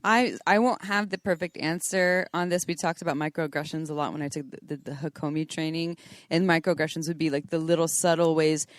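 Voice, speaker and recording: A woman's voice: low-pitched, steady tone, brisk, dry recording, studio quality. A woman co-hosting a podcast, speaking thoughtfully in casual chat and laughing easily. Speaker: podcast co-host.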